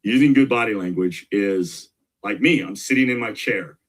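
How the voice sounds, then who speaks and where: Middle-aged male guest, husky, pushes his points with energy and repetition. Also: on the low side, moderate pace. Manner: energetic, emphatic, repeats key points. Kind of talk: casual interview talk.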